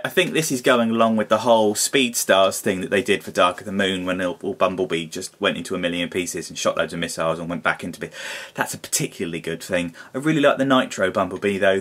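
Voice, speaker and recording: A man's voice: lowish voice, fairly bright tone, slight background noise. A man giving a casual hands-on toy review, grumbling and exasperated, with mild swearing.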